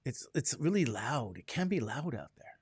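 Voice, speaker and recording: A man's voice: medium pitch, very animated, moderate pace, darkish tone, husky, dry recording, clean studio sound. A man teaching a classroom lecture, chatty and digressive, asking the class questions as he goes.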